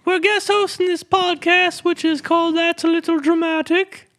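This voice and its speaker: A guy doing a silly ghost dude in a squeaky high falsetto, fake english accent, slow and prim. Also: a bit bright, no room sound. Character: goofy ghost man Gary, high prissy voice.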